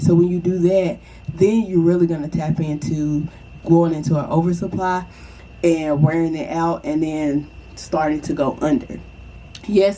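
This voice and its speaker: A woman's voice: deep voice, warm tone, slight background noise, poor audio. A young woman chatting casually and reassuringly to the viewer, often checking in with "okay?". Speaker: vlogger. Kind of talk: casual advice chat.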